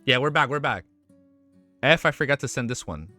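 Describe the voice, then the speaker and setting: A man streaming live, reacting to fan art in casual chat, excitable and swearing often with quick exclamations. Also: medium pitch, no room sound, faint music behind.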